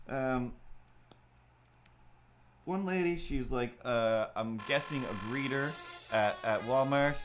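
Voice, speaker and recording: A man's voice: medium pitch, slow pace, pauses often. A man hosting a livestream, chatting casually and rambling as he draws, with lots of filler words. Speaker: livestream host. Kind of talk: casual chat while drawing on a livestream.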